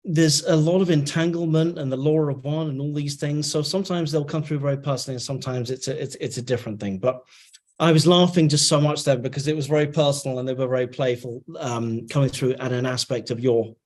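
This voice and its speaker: A man's voice: medium pitch, fast talker, a little mellow. A man who channels messages in chanted syllables and then explains them in casual chat with many fillers. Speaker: channeler guest.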